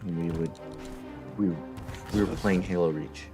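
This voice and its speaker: Young male streamer, very low voice, rambling and profane, game music behind. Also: steady tone, unhurried. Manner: rambling, profane, mock-philosophical storytelling. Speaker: live streamer. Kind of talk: casual chat while gaming.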